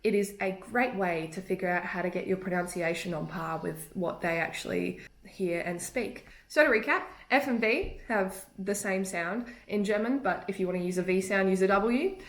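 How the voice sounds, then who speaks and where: A woman's voice: mid-range voice, moderate pace, few pauses. A young woman, a native English speaker, giving casual spoken tips on pronunciation in a chatty way and laughing easily. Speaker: language tips vlogger. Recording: echoey room.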